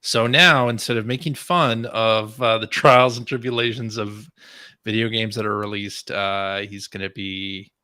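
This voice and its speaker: A man's voice: fairly low pitch, fairly even intonation, unhurried, sharp tone, clear, resonant tone, dry recording. A man hosting a casual gaming podcast, upbeat as he brings up new topics. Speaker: podcast host. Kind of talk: casual chat.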